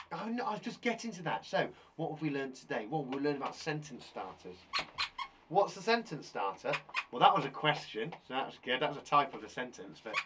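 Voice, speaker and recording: A young man teaching a live online lesson for kids. His voice swoops high and low with bouncy, playful energy, and he banters with a puppet sidekick. A faint hum of noise sits behind him. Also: animated, fairly quick. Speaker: primary school teacher and host.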